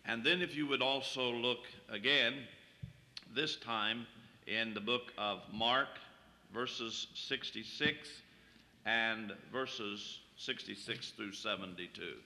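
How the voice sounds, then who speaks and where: Male preacher with a very bright voice, reading scripture and explaining it, with long hall reverb. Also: mid-range voice, slow pace. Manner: reads King James scripture aloud, then explains it plainly.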